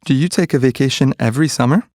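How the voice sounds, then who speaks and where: A man reading short English practice sentences one by one, clearly and evenly. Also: mid-range voice, no echo, clean studio sound. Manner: clear, even, measured delivery of single sentences.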